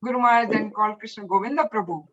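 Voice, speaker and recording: A woman guest chatting about memories of her teacher, animated and full of restarts. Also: mid-range voice, racing, highs cut off, heavy background noise. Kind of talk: casual spoken reminiscence.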